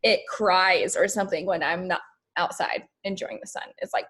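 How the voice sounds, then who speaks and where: A woman's voice: medium pitch, normal speed. A young adult woman, a personal development coach, talking casually with her group and filling her speech with "like" and "um". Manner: chatty, fills speech with "like" and "um".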